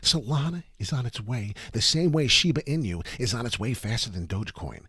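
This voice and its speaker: A New Jersey-accented man hosts a live crypto chart stream, rambling and cursing as he hypes his picks. His pitch jumps around a lot. The sound is dry, with no room echo. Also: lively intonation, a little fast, bright, forceful tone, breathy edge. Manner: hyped, profane, rambling. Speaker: crypto livestream host.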